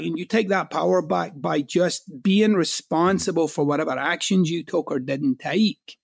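A man's voice: sits high, gravelly, dry recording, clean studio sound. A middle-aged Scottish man, a guest author in a podcast interview, speaking bluntly and emphatically. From Scotland. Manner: blunt, emphatic, swears for punch.

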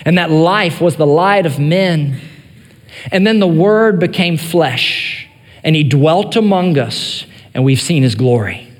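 A male pastor preaching an earnest sermon, rising in emphasis and then dropping to soft, quiet phrases. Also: high-pitched, long reverb tail.

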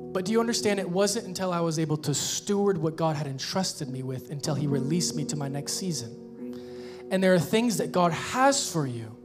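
A man preaching a sermon as pastor, emphatic and repeating his questions for effect. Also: on the high side. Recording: guitar music behind.

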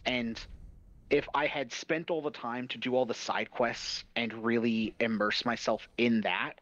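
A man co-hosts a casual game-review podcast and tells his stories with lively energy and easy swearing. The recording sounds a little muffled and completely dry. His pitch sits in an ordinary middle range. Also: a little slow, dry recording. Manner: animated storyteller, swears casually. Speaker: podcast co-host. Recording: slightly dull, dry sound.

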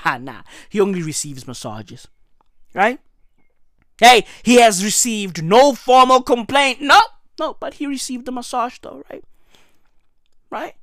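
Man, mocking comic commentary, slangy and profane, very lively pitch, unhurried, dry close mic. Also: dry recording. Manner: slangy, profane, mocking, full of "bruv" and "right?". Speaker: comedic news commentator.

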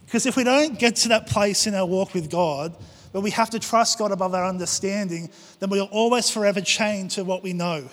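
A man's voice: high-pitched, brisk, fairly bright tone. A man preaching a passionate sermon to his church, acting out prayers and quotes. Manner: impassioned, acts out prayers and quotes. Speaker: pastor. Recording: long hall reverb.

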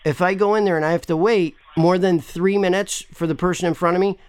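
A man's voice: sits high, steady tone, fairly quick, smooth, no echo. A man making a prank call to a store, rambling, pushy and swearing often. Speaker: caller complaining to a store.

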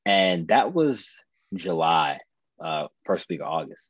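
A man's voice: low-pitched, big pitch swings, slow pace, slightly rough, no echo, highs cut off. A man in his thirties, a podcast guest, telling a personal story earnestly and candidly, often restarting and repeating his phrases. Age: 30s.

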